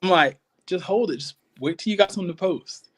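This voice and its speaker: A man's voice: high voice, fairly quick. A man, telling hunting stories as a podcast co-host in casual chat and acting out quoted voices. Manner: storytelling, acts out quoted voices.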